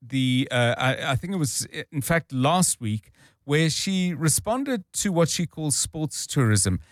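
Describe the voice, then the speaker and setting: A man's voice: a little high, big pitch swings, slow, no echo, studio quality. A man hosting a live talk radio show, taking calls and explaining the news in a conversational way. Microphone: studio microphone.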